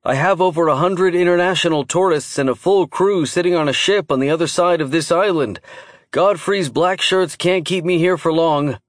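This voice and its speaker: Man putting on a high, urgent calling voice. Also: moderate pace, no room sound, clean studio sound, natural voice. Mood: reassuring. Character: man calling out reassurance from far off.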